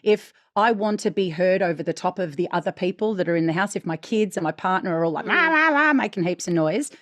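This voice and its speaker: An Australian woman co-hosting a podcast in casual, candid chat, with a naturally deep, slightly husky voice. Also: quick pace, no room sound, studio quality. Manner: candid and animated, swears casually. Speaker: podcast co-host.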